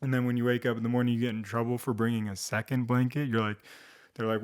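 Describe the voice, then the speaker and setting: A man's voice: mid-range voice, flat delivery, fast talker, clean tone. A young man telling a comedic story to camera in a rambling, self-deprecating way, with sarcastic asides. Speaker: storytime vlogger.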